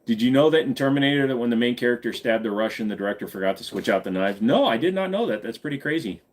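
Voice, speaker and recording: A man hosting a casual live stream and reading out viewer questions. His pitch swings widely as he talks, and he jokes around and slips into silly voices. His voice sits at a middle pitch. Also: lively intonation, quick pace.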